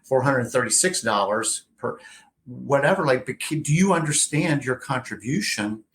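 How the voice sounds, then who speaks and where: A man's voice: mid-range voice, lively intonation, normal speed, fairly bright tone, slight background noise. A man hosting an interview, talking casually and rambling through anecdotes. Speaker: podcast host. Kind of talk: conversational interview.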